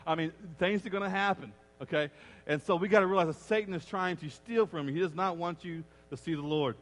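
A middle-aged pastor preaches in an animated way, often slipping into the voices of the people he quotes. His voice sits a little high for a man. It rings out with the long reverb of a big church sanctuary. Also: a little fast. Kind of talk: sermon.

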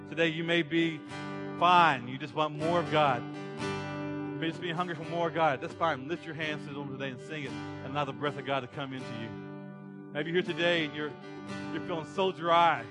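A man's voice: fairly high pitch, steady tone, fairly quick, over music. A man preaching a sermon to a congregation, building energy with rhetorical questions. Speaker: pastor. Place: church sanctuary.

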